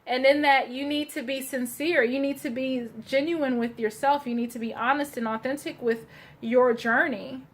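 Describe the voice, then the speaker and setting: A woman doing a casual card reading for her viewers, gentle and searching, with many fillers and restarts. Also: high voice, fairly even intonation, moderate pace. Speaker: tarot card reader.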